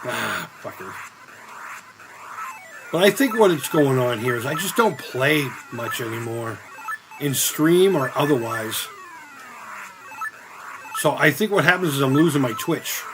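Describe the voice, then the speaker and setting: A man's voice: mid-range voice, animated, unhurried, background noise. A middle-aged man, chatting casually on a live stream while gaming, rambling and swearing often at the game. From Boston area. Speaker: streamer playing retro games. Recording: music playing behind the voice.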